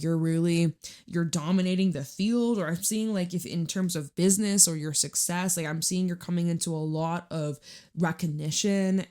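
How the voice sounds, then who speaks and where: A woman's voice: lowish voice, dark tone. A woman giving a casual tarot reading, chatty and blunt, circling her points with lots of "like" and "I'm seeing," and swearing now and then. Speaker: tarot reader.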